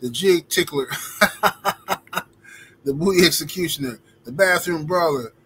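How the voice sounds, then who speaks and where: Slangy guy hosting a livestream, kinda high voice, rambling story mode. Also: slow pace, a bit bright, slight background noise, rough recording. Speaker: livestream host. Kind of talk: casual storytelling and reading super chats.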